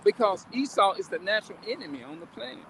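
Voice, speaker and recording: A man with a high, bright voice holds forth on a live stream. He rambles, repeats himself and keeps turning questions back on his listeners, with faint street noise in the background. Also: expressive, quick pace. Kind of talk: casual live-stream talk. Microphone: phone or webcam on a live stream.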